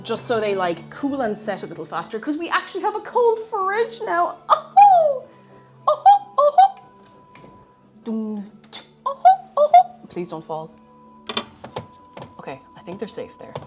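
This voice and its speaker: A woman's voice: mid-range voice, very animated, moderate pace. Gushing young woman streamer. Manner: gushing, squealing over a cute figurine, chatty. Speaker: livestreamer. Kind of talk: casual live-stream chatter. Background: faint game music.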